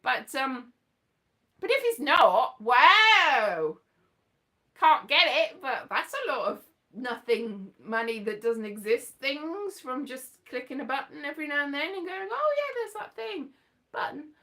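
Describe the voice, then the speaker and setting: A woman's voice: high voice, animated, a little slow, sharp tone. A woman rambling through a casual monologue, chatty and digressive with playful asides. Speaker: vlogger.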